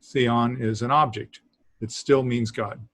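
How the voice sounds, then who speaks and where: A man teaching a beginners' language class, talking haltingly with many fillers and small laughs. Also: medium pitch, fairly even intonation, a bit bright, a little hiss or hum. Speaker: Greek teacher. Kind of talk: classroom lesson.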